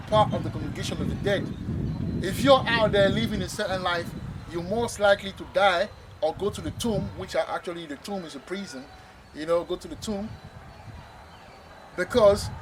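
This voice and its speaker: A man's voice: high-pitched, normal speed, pauses often, slight background noise. A man preaching outdoors on a street, emphatic, echoing the reader's lines and ending phrases with "man".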